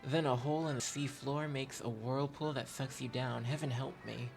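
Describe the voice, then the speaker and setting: A man's voice: mid-range voice, steady tone, normal speed, gravelly, natural voice. Man doing jumpy superstitious townsman, fearful, dramatic, game music playing. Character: jittery superstitious townsman fearing sea monsters.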